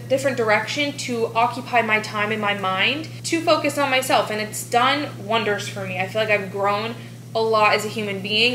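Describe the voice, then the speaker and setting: A chatty, upbeat woman talks straight to camera for her vlog, earnest and encouraging. Her voice is bright and sits a little high. The recording has a noticeable echo and a faint hiss underneath. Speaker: vlogger and bodybuilding competitor. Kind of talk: casual vlog talk to camera. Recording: echoey room.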